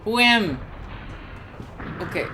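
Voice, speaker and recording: A woman's voice: mid-range voice, expressive, takes it slowly, bright, forceful tone, a little hiss or hum. Flustered young woman streaming a game. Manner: flustered, joking, exclaiming. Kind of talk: live game commentary.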